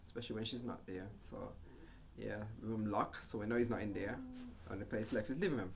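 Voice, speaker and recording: A man vlogging a casual storytime monologue, animated, getting loud and high at tense moments. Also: a little hiss or hum.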